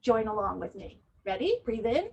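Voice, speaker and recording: A woman presenting as a laughter yoga instructor, calmly explaining the health benefits of laughter and leading breathing and forced laughter exercises. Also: fairly high pitch, normal speed, husky, highs cut off. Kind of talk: guided wellness presentation.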